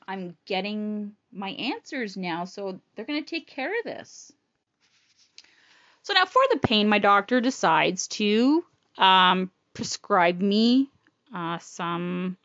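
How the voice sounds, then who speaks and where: A woman's voice: mid-range voice, fairly bright tone. Woman rambling thru a personal story, blunt, swears a lot, voice going up and down, kinda muffled recording. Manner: frank and rambling, swears freely. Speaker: storyteller sharing personal illness experience.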